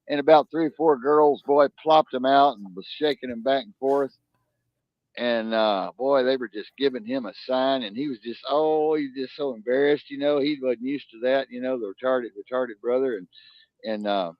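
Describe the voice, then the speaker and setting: A man's voice: mid-range voice, normal speed, no echo. A man hosting a casual talk show, telling rambling stories and crude jokes with many restarts. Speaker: podcast host. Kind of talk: casual storytelling chat. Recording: dull lo-fi sound.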